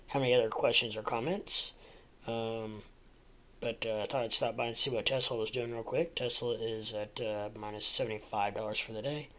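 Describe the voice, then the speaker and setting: A man's voice: mid-range voice, a bit bright, low-quality recording. Rambling man hosting a crypto stream. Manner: rambling, many fillers and restarts; chatty, jokey asides. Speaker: crypto livestream host. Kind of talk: casual livestream chat.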